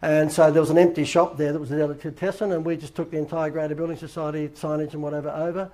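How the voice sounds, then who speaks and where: An Australian man tells a story in a quick, rushing patter. His voice sits a bit high, and he hosts in a loose, rambling way, acting out every bit of quoted dialogue. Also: flat delivery, darkish tone. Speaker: host. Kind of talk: casual anecdotal storytelling.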